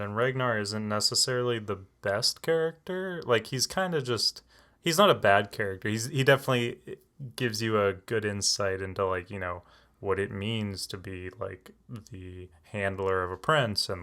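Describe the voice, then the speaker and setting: Low-voiced man chatting in quick bursts. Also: fairly bright tone. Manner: rapid, with many fillers like "you know" and "like". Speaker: podcast co-host. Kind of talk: casual chat about an anime.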